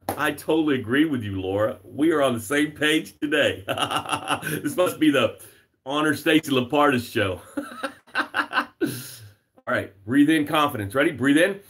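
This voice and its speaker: An emphatic man coaching viewers through a live motivational stream from home. He drives his points with repeated phrases and reads comments aloud, his pitch leaping up and dropping low. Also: expressive, measured pace, pauses often, a bit bright. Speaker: success coach hosting a live broadcast. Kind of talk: motivational livestream talk.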